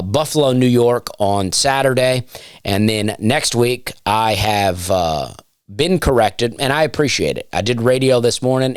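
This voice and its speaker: A man with a smooth baritone voice, hosting a casual solo comedy podcast, rambling with dry, self-deprecating asides and plenty of fillers. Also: no room sound. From Alabama. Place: home, during nap time.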